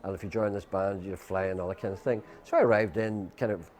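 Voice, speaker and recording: An older Irish man, a guest on an interview, tells a long, rambling anecdote, acting out what other people said and using lots of fillers. His voice is low and a little mellow, fast-paced, with fairly even intonation.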